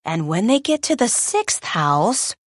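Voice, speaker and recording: Lively woman reading a children's story. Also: medium pitch, takes it slowly, no echo, clean studio sound. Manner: lively, expressive. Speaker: storybook reader. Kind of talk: children's story read-aloud.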